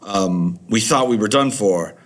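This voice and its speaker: A man's voice: on the low side, measured pace. A man teaching a recorded video lesson, chatty and rambling with many fillers.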